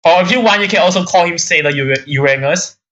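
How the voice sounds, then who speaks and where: A man co-hosting a casual podcast, teasing and interrupting his partner. His voice is bright and tense, and sits a little high. A dull lo-fi mic takes the sparkle off the top. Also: fast, a little hiss or hum. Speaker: podcast co-host. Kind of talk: casual chat.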